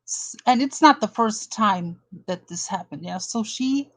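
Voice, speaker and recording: A woman's voice: medium pitch, expressive, a little slow, low-quality recording. A woman from Germany doing a blunt, indignant drama commentary, calling someone out and reading an article aloud. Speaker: commentary vlogger.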